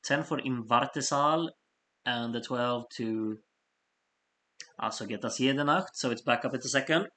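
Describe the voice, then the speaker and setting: A man hosting a live stream of fan votes, reading out scores in a chatty, apologetic way while he has the hiccups and keeps clearing his throat. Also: medium pitch, measured pace, pauses often, bright, forceful tone, slight background noise. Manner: chatty, apologetic asides between score readouts. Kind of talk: casual live-stream commentary.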